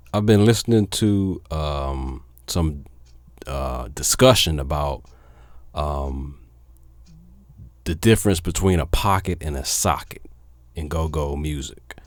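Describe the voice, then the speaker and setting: A man, a DJ talking casually to his viewers, filling pauses with "um", then turning animated and emphatic. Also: low voice, dry recording, clean studio sound. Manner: laid-back with many fillers, then animated and emphatic. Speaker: DJ and vlogger. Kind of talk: casual talk to camera.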